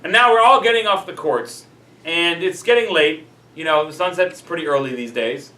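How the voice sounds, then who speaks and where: A man's voice: fairly high pitch, normal speed, sharp tone. A man, a rabbi, teaching a class in a casual, chatty storytelling way, full of "like" and "you know". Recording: roomy echo, mic at a distance.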